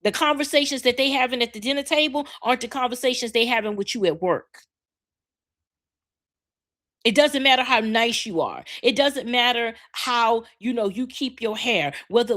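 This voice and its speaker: A woman's voice: fairly high pitch, moderate pace. A woman in her forties hosting a live podcast, ranting bluntly with lots of swearing while reacting to viewer comments. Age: 40s. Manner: blunt, profane, animated rant. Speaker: podcast host. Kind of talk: casual live-stream talk, reading viewer comments.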